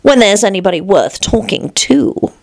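A woman's voice: mid-range voice, animated, normal speed, vocal fry, a little mellow. A woman voicing a proud, bossy talking flower in a storybook reading, with a haughty, commanding, impatient manner.

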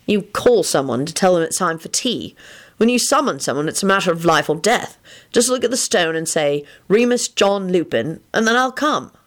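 A woman's voice: fairly low pitch, lively intonation, moderate pace. A woman reading an earnest, sheepish young man. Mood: dogged.

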